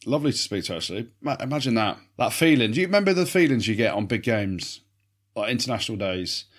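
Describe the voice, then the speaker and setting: A man's voice: mid-range voice, sing-song, quick pace. A man co-hosting a rugby podcast, trading banter in a matey way and swearing now and then. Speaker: podcast co-host. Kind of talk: casual rugby chat.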